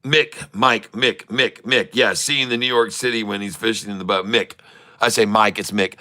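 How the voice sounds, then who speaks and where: A man's voice: fairly low pitch, fairly even intonation, normal speed, bright, forceful tone. A middle-aged man giving live day-trading commentary, joking and rambling with showman asides to his viewers. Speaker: day trader streaming to viewers.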